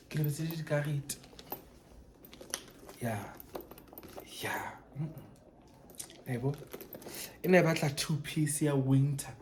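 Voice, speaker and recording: A vlogger chatting casually through an unboxing, gushing and animated, switching between English and Sesotho. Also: mid-range voice.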